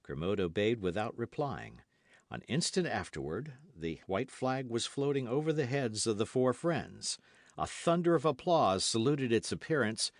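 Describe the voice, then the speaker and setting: A man narrates a classic novel in a measured, expressive way. His intonation rises and falls with lively range. The sound is dry and close to the mic. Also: mid-range voice, no echo. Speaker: audiobook narrator. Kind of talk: scripted narration.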